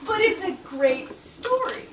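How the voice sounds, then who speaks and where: A woman's voice: very high voice, very animated, takes it slowly. Woman, author, casual Q&A, chatty, laughs often, echoey room, background noise. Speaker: author answering questions. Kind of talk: casual Q&A talk. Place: book event room. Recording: echoey room, distant mic, noisy.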